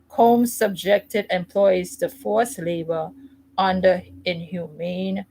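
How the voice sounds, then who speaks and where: A woman with a gravelly, somewhat low voice talks in a loose, rambling monologue. She reads news items aloud and stops to comment. She repeats herself, restarts often and leans hard on some phrases. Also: a little hiss or hum, low-quality recording. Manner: repetitive, restarts and stammers, emphatic.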